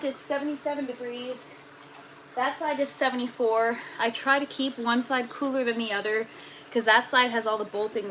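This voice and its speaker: A woman's voice: on the high side, sharp tone, slight background noise, low-quality recording. A woman, hosting a casual gardening livestream from her indoor grow tent and chatting with viewers as she works. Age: 30s. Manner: chatty, talks to viewers and reads their comments aloud. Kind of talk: casual live-stream chat.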